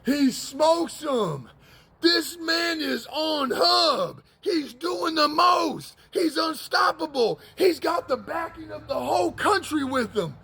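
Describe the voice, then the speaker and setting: Man preaching in slang, high voice, gravelly, lively swings in pitch, shouts for emphasis. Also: slow, few pauses, slight background noise. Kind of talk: casual street-style sermon.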